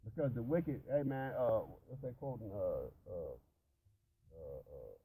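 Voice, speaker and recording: A man's voice: lowish voice, very animated, a little slow, dark tone, husky, rough recording. A man telling stories and preaching in casual, profanity-heavy chat, rambling with many restarts. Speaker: religious discussion participant.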